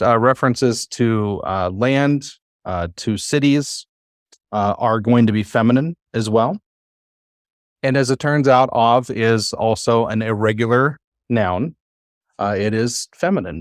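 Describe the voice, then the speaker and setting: A man's voice: mid-range voice, unhurried, no echo, studio quality. A man teaching a classroom lesson, patient and encouraging, with many fillers. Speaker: Hebrew teacher.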